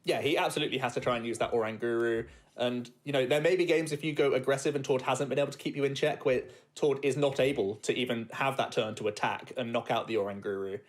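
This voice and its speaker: A man with a mid-range voice co-commentates a competitive card game. He sounds relaxed and laughs lightly as he breaks down each play. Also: mid-range voice, fast talker, hardly any pauses. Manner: relaxed, chuckles often while explaining.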